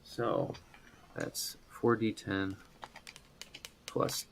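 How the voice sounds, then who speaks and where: A man's voice: low voice, huge pitch swings, very slow, gravelly, slight background noise, poor audio. A man narrating as game master, describing scenes in a loose, rambling way with many fillers.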